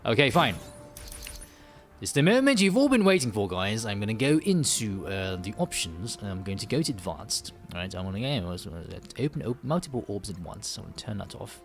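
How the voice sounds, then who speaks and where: A man's voice: lowish voice, animated, fairly quick, few pauses, soft background music. A man from the UK hosting a live game stream, rambling and joking with many restarts and fillers. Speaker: gaming livestream host. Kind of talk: casual live stream chat.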